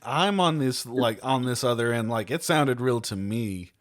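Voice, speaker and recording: A man co-hosting a podcast in casual chat, laughing often and trailing off into quiet mumbles. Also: mid-range voice, unhurried. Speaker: podcast co-host.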